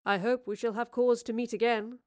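A gallant Elizabethan gentleman speaks with formal, courtly measure, as a woman narrator plays him. His lines stay low and composed, polite in every phrase. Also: steady tone, fairly quick, no echo, studio quality, close to an everyday voice. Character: courtly Elizabethan male playwright Will, gallant.

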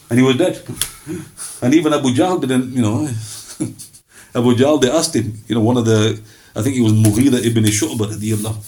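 A man preaching a sermon, telling stories with animated quoted voices and laughing between them. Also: medium pitch, fairly quick, a little hiss or hum.

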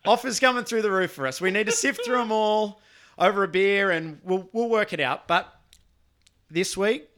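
Aussie guy cohosting a podcast, jokey and rambling, bright clear voice, kinda high. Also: moderate pace. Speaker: podcast co-host. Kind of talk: casual chat.

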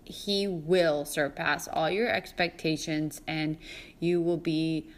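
A woman co-hosting a podcast in a casual chat, enthusiastic and encouraging and quick to gush over what her partner says. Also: low-pitched, fairly even intonation.

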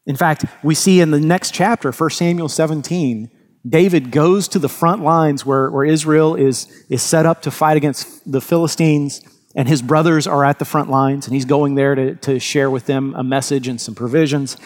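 A man's voice: a little high, fairly even intonation, normal speed. A man preaching a sermon as pastor, earnest and emphatic, often restarting his words.

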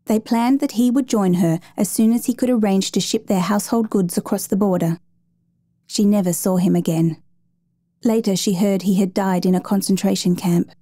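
A woman reading a story aloud in a measured, gentle storytelling manner. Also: mid-range voice, fairly even intonation, no room sound. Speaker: narrator. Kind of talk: scripted story narration.

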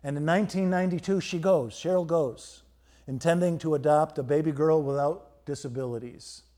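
A pastor preaching a storytelling sermon, swinging between loud emphasis and quiet, hushed moments. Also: male voice, a little high.

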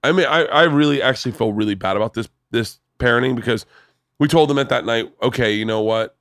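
Brief: male podcast host, animated and profane storyteller, dry mic. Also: medium pitch, fast, dry recording. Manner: animated storyteller who swears freely. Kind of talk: casual storytelling chat.

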